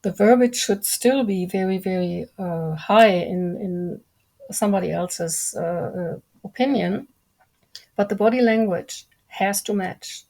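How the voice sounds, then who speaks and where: Calm, measured woman with slight gravel. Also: medium pitch. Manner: calm, measured, deliberate speech. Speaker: guest. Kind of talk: conversational interview.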